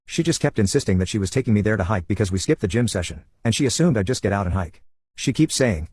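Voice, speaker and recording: A man narrating a personal story in a steady first-person telling. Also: on the low side, fast talker, slightly rough, dry recording.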